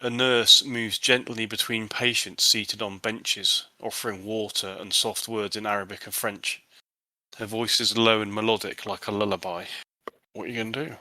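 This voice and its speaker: A man narrating scenes as game master of a tabletop horror game, unhurried and descriptive. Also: on the low side, fairly even intonation, sharp tone, dry recording.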